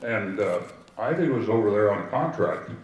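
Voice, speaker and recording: Older man, low gravelly voice, anecdotal storyteller heard from afar in a roomy space. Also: lively intonation, moderate pace, a little mellow, muffled recording, a little hiss or hum. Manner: rambling anecdotal storytelling with asides. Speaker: speaker telling family history. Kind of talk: storytelling talk to a gathering. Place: outdoor history event with audience. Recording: echoey, distant from the mic.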